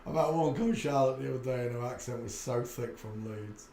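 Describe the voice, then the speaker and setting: A man's voice: mid-range voice, fairly quick, creaky, dark tone, reverberant, a little hiss or hum. A man with a Yorkshire accent giving a muttered running commentary as he browses images for his channel. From England. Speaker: channel host.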